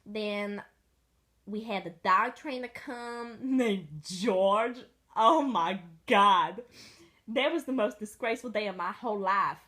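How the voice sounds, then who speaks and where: A young woman telling a comic story in the first person as her pet dog, rambling, deadpan and profane. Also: mid-range voice, takes it slowly.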